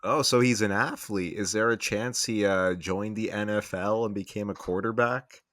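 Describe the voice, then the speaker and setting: A man co-hosting a podcast, teasing with deadpan mock questions in casual chat. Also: fairly low pitch, normal speed, no echo, clean studio sound. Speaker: podcast co-host.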